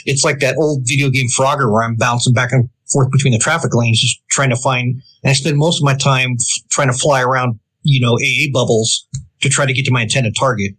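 A man's voice: mid-range voice, steady tone, a little fast, fairly bright tone, breathy edge, low-quality recording. A man co-hosting a casual gaming podcast, rambling and hesitant, with many ums and restarts. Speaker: podcast co-host.

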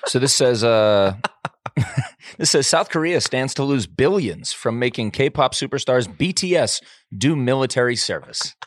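A man's voice: mid-range voice, lively intonation, unhurried, no room sound, clean studio sound. A man co-hosting a podcast in casual chat, explaining things in a wry, easygoing way. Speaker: podcast co-host.

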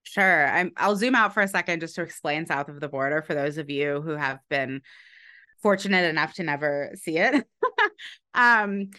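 A woman author explaining her research in a conversational interview, thoughtful, with frequent pauses and restarts. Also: sits low, pushed and bright. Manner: thoughtful, many "um"s and restarts, light laughs. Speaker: author guest.

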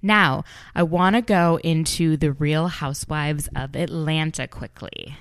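A woman with a somewhat low voice recaps reality television for her podcast listeners. She talks in an animated, gossipy way and slips into the quoted lines as she tells them. The recording is dry and close, with no room sound. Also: a little slow, dry recording. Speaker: podcast host.

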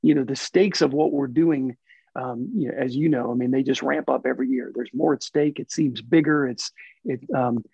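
A man's voice: mid-range voice, normal speed, gravelly, darkish tone, slightly rough, dry recording. A man talking earnestly and reflectively as a guest in a casual interview, often repeating himself as he thinks. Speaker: racing team president, guest. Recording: dull lo-fi recording.

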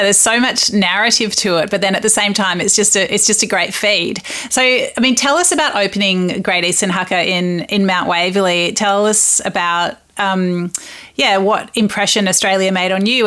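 Bright, enthusiastic woman interviewer. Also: mid-range voice, fairly even intonation, moderate pace. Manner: enthusiastic, effusive.

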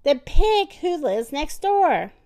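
A woman voicing a timid, gentle older woman from a storybook, soft-hearted and fretful. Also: sits high, big pitch swings, takes it slowly, pitched above the performer's own voice, full character voice.

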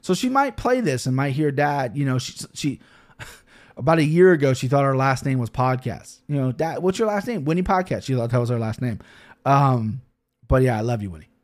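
A man in his thirties hosting a podcast in a casual, rambling monologue, swearing often and full of fillers and restarts, soft and emotional at times. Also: medium pitch, animated, moderate pace. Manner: soft and emotional when talking about his daughter. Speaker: podcast host.

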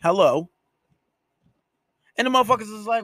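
A man's voice: high voice, lively intonation, moderate pace, no room sound, clean studio sound. A man hosting a solo podcast, ranting at his listeners in a scolding, profanity-heavy way. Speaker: podcast host and dating coach.

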